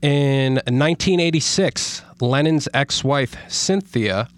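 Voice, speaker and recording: A man's voice: mid-range voice, slow, clean tone, no echo. A man co-hosting a casual podcast, reading stories aloud with stumbles and frequent laughter. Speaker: podcast co-host.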